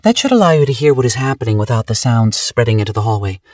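A man voicing a calm, precise artificial assistant in an audiobook, speaking in a clinical, matter-of-fact way. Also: medium pitch, quick pace, dry recording, studio quality, far from the mic, pitched above the performer's own voice, lightly acted.

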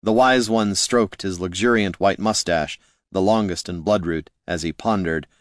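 A man reading fantasy fiction as an audiobook narrator in steady storytelling style. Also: low-pitched, moderate pace, dry recording, clean studio sound.

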